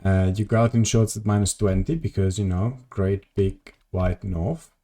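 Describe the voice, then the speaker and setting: A man's voice: fairly low pitch, steady tone, moderate pace, warm tone. A tired man chatting casually on a live stream as he plays, rambling and answering his viewers' messages. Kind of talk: casual live-stream chat while gaming.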